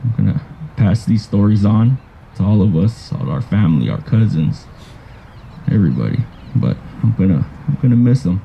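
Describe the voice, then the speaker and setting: Man giving a halting graveside eulogy. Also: fairly low pitch, animated, gravelly, slight background noise, low-quality recording. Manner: halting, with restarts and soft trailing phrases. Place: outdoors at a graveside.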